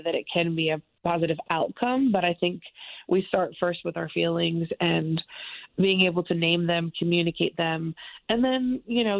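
A woman's voice: lowish voice, vocal fry. A woman in her forties, a guest on a radio talk show, chatting casually and a bit self-deprecating from Florida. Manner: chatty, self-deprecating, acts out quoted voices. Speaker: actress and singer guest. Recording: tinny phone line.

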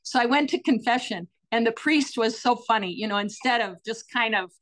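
A middle-aged woman, a guest telling personal stories in an interview, earnest and animated with frequent fillers. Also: on the high side, normal speed. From United States.

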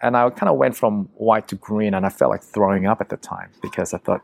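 A man with a low, gravelly voice tells a story in a casual, conversational way. He is vivid and profane and slips into the voices of the people in it. The sound is dry and close. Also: a little fast, hardly any pauses, dry recording. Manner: vivid, profane, acts out quotes. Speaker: guest telling a story.

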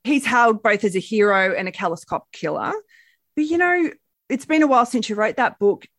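A woman's voice: fairly high pitch, animated, a little fast, a bit bright, no echo, studio quality. Curious woman hosting a podcast. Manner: conversational, curious questioner. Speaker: podcast host.

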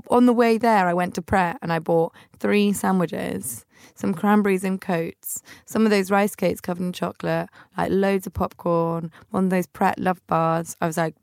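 A woman's voice: lowish voice, creaky, smooth, no room sound, clean studio sound. A woman hosting a podcast, telling funny stories in a chatty way and acting out the quotes. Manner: chatty, animated anecdotes with acted-out quotes. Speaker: podcast host. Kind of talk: casual storytelling monologue.

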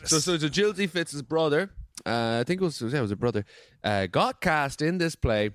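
A man's voice: fairly high pitch, animated, normal speed, a bit bright, no room sound, clean studio sound. A man co-hosting a podcast, telling stories in casual chat and acting out the quoted lines. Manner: storytelling that acts out quoted lines. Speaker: podcast co-host.

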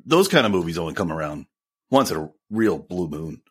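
A man's voice: low voice, very animated, brisk, breathy edge. A man co-hosting a podcast in casual chat, teasing his co-host and laughing often.

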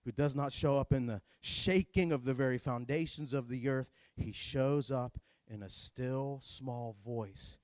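A man preaching a sermon as pastor, with dramatic delivery that swings between hushed and shouting. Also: medium pitch, measured pace, hardly any pauses, dry recording, studio quality.

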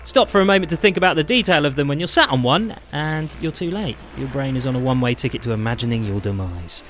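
A man's voice: medium pitch, animated, quick pace, a bit bright, faint music behind. A man co-host reading a scripted segment introduction with a theatrical delivery.

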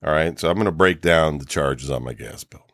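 A man's voice: very deep voice, brisk, fairly bright tone, no echo, clean studio sound. A man co-hosting a podcast, ranting in casual chat and swearing freely. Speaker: podcast co-host.

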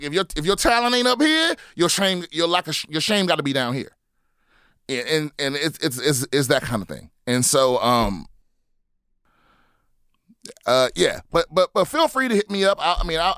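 A man's voice: on the high side, very animated, moderate pace, fairly bright tone, smooth, dry recording, clean studio sound. Stammering, blunt male podcast host. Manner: blunt and profane, stammers and restarts a lot. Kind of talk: casual chat, reading listener questions.

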